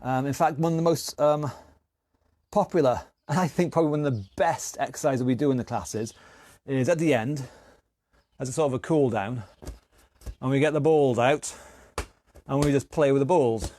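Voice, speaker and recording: A man's voice: medium pitch, moderate pace, dark tone, no echo. A man leading a live online exercise class, encouraging and chatty, counting down moves and a little out of breath. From England. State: a bit out of breath. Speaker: fitness instructor.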